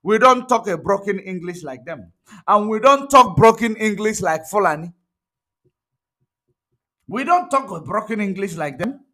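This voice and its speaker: A man's voice: high-pitched, sharp tone. A man giving emphatic, repetitive livestream commentary. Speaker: online commentator.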